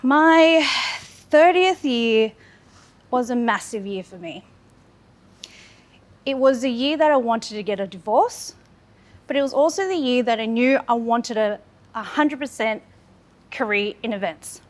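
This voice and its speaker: Lively in intonation and fairly high in pitch, her voice keeps a normal speed and pauses often. This Australian woman in her thirties tells her personal story in an earnest, open speech, building it through repetition.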